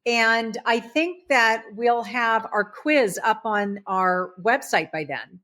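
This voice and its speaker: A woman guest in conversation, telling a family story in an animated way. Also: a little high, slow pace. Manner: animated, acts out voices in stories.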